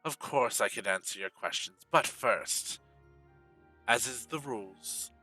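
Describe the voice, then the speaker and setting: A man voicing a haughty ancient high elf woman who runs a library, speaking formally and with curiosity. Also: a little slow, pushed and bright, soft background music, low-quality recording. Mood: stately. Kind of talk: tabletop role-play voicing.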